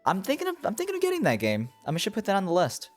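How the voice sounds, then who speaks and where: A man's voice: sits high, wildly swooping pitch, racing, soft background music. A man streaming a video game, thinking aloud in casual commentary and chatting with his viewers. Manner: rambling, thinking aloud while playing; chats with viewers.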